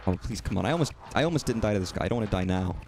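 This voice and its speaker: A young man streaming a game, swearing freely and talking excitedly to himself as he plays. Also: lowish voice, racing, over music. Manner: profane, excitable, talks to himself while playing. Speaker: gaming streamer. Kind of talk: live gameplay commentary.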